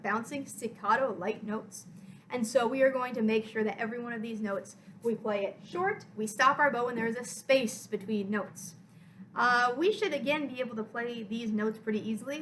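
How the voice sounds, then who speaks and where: A woman orchestra teacher explaining music step by step in a clear, encouraging way for a recorded lesson. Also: on the high side, a bit bright, slight background noise, low-quality recording.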